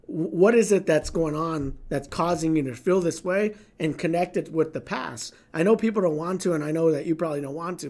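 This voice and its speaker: A middle-aged man on a casual livestream, his voice sitting a bit high for a man. He talks bluntly and swears easily, acting out the voices in his head as he tells a story. Then he turns to plain business advice for his viewers. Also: darkish tone. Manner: blunt, profane, storytelling with acted inner dialogue.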